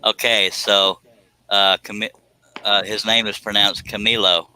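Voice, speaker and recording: A man's voice: fairly low pitch, little pitch movement, a little slow, bright, forceful tone, smooth, rough recording. A man, hosting a casual livestream, joking around and reading viewer comments aloud. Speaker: livestream host.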